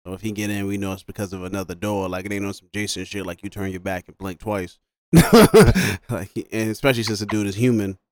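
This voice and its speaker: A man's voice: fairly low pitch, level tone, fast talker, hardly any pauses, crowd noise. A man co-hosting a movie podcast, chatting casually in slang and laughing often. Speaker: podcast co-host. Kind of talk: casual movie recap chat.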